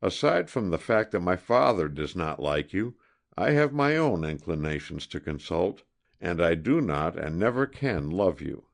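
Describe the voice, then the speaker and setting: A man's voice: low voice, big pitch swings, measured pace, gravelly, exaggerated voice. A man voicing a proud, defiant young woman in an audiobook, speaking coldly and firmly. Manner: cold, firm and indignant. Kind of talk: audiobook character reading.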